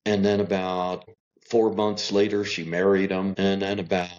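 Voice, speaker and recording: A middle-aged man, a podcast guest, telling a long family story in an animated way and acting out what people said. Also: low voice, normal speed. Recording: dull lo-fi recording.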